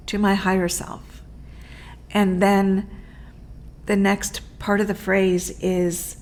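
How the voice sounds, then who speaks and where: Slow-speaking woman medium, gentle and repetitive. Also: medium pitch, little pitch movement. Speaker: spiritual medium. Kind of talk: unscripted spiritual talk.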